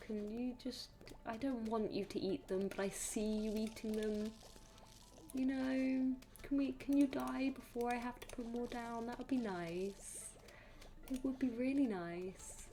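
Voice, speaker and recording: Woman, game streamer, slow unhurried talk, mutters to the screen, faint music behind. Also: fairly high pitch, mellow. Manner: chatty, mutters to the game, playful sing-song asides. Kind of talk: casual gameplay commentary.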